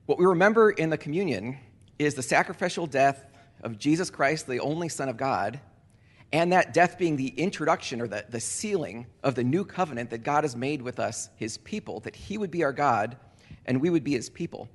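A man leading communion as a pastor, speaking earnestly and deliberately, repeating key phrases for emphasis. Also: a little high, expressive. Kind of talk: communion sermon. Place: church sanctuary. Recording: long church reverb.

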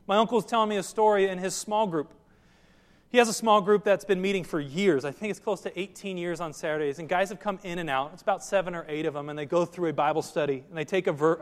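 A man's voice: sits high, quick pace, in a large hall. A man preaching a sermon as pastor, earnest and direct, often putting questions to his listeners.

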